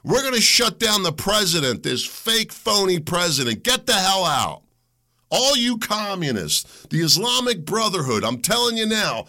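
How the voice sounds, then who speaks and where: A fired-up middle-aged man rants through a solo monologue in a gravelly, bright-edged voice. His pitch swings all over as he works himself up, and he keeps a combative edge from start to finish. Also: very animated, moderate pace. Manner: heated, combative ranting with rising shouts. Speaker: podcast host.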